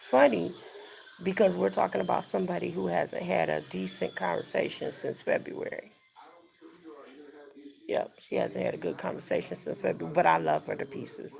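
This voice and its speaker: A woman's voice: on the low side, gravelly, a little mellow. A woman hosting a casual live stream from home, chatting and confiding to viewers she calls y'all and girl.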